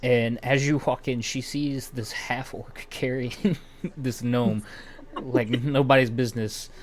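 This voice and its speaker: A man's voice: medium pitch, fairly even intonation, takes it slowly, slight background noise. Male game master, casual narration, loose and giggly. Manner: casual, filler-heavy, often laughing.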